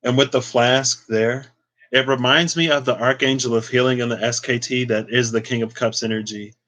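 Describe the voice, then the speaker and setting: A man's voice: mid-range voice, steady tone, moderate pace, fairly bright tone, low-quality recording. Chatty man giving a tarot reading. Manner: chatty, lots of "like" and playful asides. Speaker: tarot reader.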